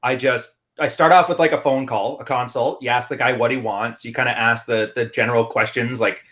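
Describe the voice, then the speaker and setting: A man with a Canadian accent co-hosting a casual podcast chat, telling stories briskly and laughing often. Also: mid-range voice, fairly even intonation, fairly bright tone. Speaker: podcast co-host and relationship consultant.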